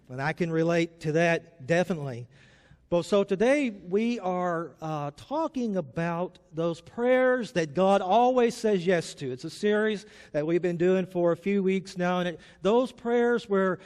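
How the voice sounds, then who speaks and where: Male pastor, conversational storytelling sermon; high voice, chapel reverb. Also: normal speed, a little mellow.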